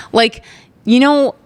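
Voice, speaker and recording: A young woman in her twenties hosting a podcast, telling a personal faith testimony in a candid, emotional way with lots of "like" fillers. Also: high-pitched. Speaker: podcast host.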